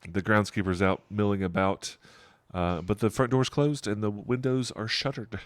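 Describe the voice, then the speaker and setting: A man's voice: fairly low pitch, steady tone, moderate pace, dry recording. A middle-aged man narrating a tabletop game as game master, describing scenes in a rambling, digressive way and chuckling often.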